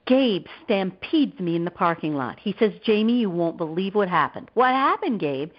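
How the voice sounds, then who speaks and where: A woman's voice: on the low side, expressive, normal speed. A woman guest author and therapist telling a personal story in an interview, acting out the voices of the people she quotes. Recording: dull lo-fi audio.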